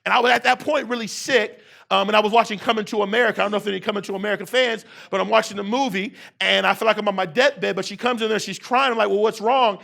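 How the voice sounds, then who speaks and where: Keynote speaker, man around forty: high bright voice, rousing call-and-response delivery. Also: fairly even intonation, very fast, vocal fry. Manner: repetitive preaching cadence. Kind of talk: motivational keynote speech. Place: university event hall.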